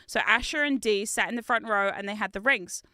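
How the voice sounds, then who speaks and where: A woman's voice: mid-range voice, a little fast, bright, forceful tone, no room sound, clean studio sound. A young woman chatting casually as she streams, telling rambling stories with fillers and laughs. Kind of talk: casual chat while building.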